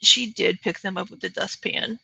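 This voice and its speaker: Woman host, sarcastic commentator; gravelly and husky, close and dry sound. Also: medium pitch, steady tone, moderate pace, sharp tone, no room sound, poor audio.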